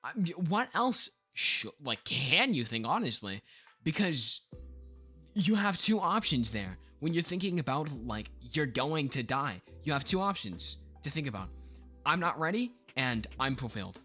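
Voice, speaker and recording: A man's voice: a little high, big pitch swings, measured pace, bright, forceful tone, soft background music. A young man co-hosting a podcast, chatting casually with lots of laughter, fillers and loose tangents. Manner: giggly, rambling, lots of fillers. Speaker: podcast co-host. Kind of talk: casual chat.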